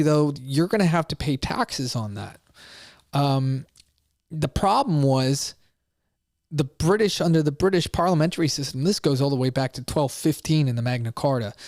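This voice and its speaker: A man's voice: fairly high pitch, a little mellow, no room sound, studio quality. A man hosting his own show, giving a casual history talk to camera with frequent ums and uhs. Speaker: show host.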